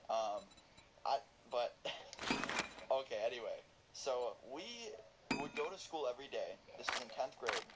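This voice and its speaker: A man's voice: medium pitch, a little slow. A man casually telling a rambling story, swearing often and laughing at himself. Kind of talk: casual storytelling over gameplay. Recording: loud background noise.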